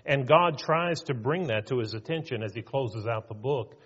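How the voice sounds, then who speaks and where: An earnest man preaching a sermon in a mid-pitched voice, emphatic and full of rhetorical questions. His voice rings with a long hall reverb, and the recording sounds dull and lo-fi. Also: expressive, moderate pace, a bit bright, slightly rough.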